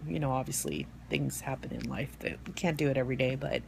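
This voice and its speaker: A woman hosting an online support group on a live stream, talking in a rambling, halting way with many fillers and restarts, soft and heartfelt. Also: very deep voice, fairly even intonation, gravelly, noisy background. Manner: soft and heartfelt, near tears at times. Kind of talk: casual live-stream talk. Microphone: phone or webcam for a live stream.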